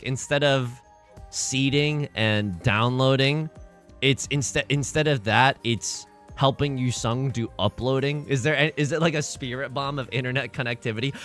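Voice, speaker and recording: A young man casually chatting and commenting while streaming online mahjong, excitable and self-mocking, laughing often and jumping from loud outbursts to mumbled asides. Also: mid-range voice, normal speed, faint music behind. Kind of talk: casual livestream chat and commentary.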